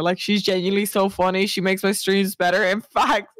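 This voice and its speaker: A woman's voice: medium pitch, steady tone, quick pace, no echo. A young woman streamer chatting casually, swearing and laughing often.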